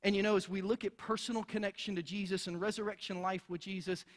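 A pastor preaching a sermon and acting out the people in the story in quick voices. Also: male voice, high-pitched, fairly even intonation. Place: church hall. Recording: church hall reverb.

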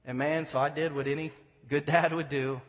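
A man preaching a sermon, telling a story and acting out the voices of the people in it. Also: a little fast. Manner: animated, acts out dialogue with rising pitch. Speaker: pastor. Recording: dull sound with long reverb.

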